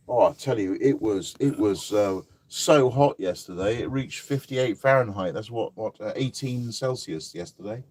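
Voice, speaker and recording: A man's voice: medium pitch, measured pace, few pauses, darkish tone, a little hiss or hum. A man chatting on a live stream from a camper van, joking and reading out viewers' comments. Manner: joking, wry, talks to viewers by name. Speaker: vlog host reading live chat. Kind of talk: casual live-stream chat.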